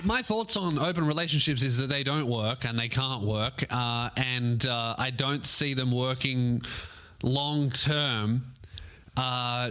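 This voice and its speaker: A man's voice: medium pitch, pushed and bright. A young man hosting a comedic podcast, reading a listener's email aloud and breaking off for joking asides. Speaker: podcast host.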